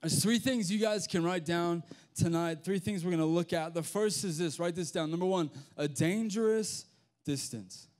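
A young man with an Australian accent preaching to a youth group in a casual, animated storytelling manner with slang. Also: sits high, moderate pace. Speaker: youth pastor. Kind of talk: sermon with storytelling.

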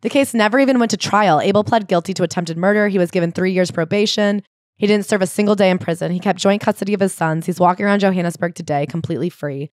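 A woman co-hosting a podcast, retelling a book in a casual, animated way and acting out the quotes. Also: fast, dry recording, clean studio sound. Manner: animated storyteller, acts out quotes with sharp pitch jumps. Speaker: podcast co-host. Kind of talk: casual book-club chat, retelling a story.

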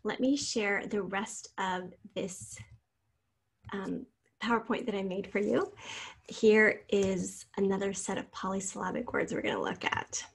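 Husky-voiced woman teaching spelling. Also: mid-range voice, fairly even intonation. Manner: spells out letters slowly and clearly, patient and encouraging. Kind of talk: recorded spelling lesson over slides.

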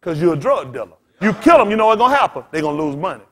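A man preaching in loose storytelling style as a pastor, blunt and cussing, laughing as he swings between loud bursts and quiet asides. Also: sits high, sing-song, rapid-fire. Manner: blunt, street-talking, cussing. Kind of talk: storytelling sermon.

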